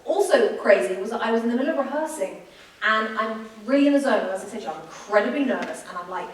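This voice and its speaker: A woman in her thirties with an English accent, a sports broadcaster telling animated stories in an on-stage conversation. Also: a little high. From England. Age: 30s. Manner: quick, animated storyteller. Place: school event hall. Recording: echoey hall from far off.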